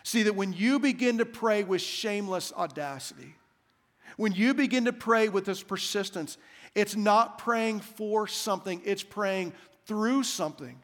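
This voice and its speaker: Man, pastor, sermon, high voice, repeating phrases for emphasis, long hall reverb. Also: expressive, a bit bright. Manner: repeats key phrases with slow emphatic cadence. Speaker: senior pastor.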